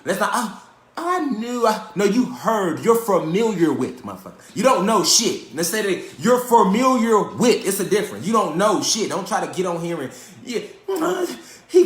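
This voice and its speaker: A man's voice: high-pitched, fairly bright tone, echoey room. A man giving a live-streamed lecture, profane, streetwise and emphatic, often tossing questions back at his audience. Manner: repeats rhetorical questions to the audience.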